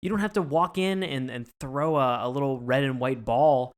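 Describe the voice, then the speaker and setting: A man co-hosting a casual podcast, talking excitedly and stumbling through restarts. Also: mid-range voice, moderate pace. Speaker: podcast co-host.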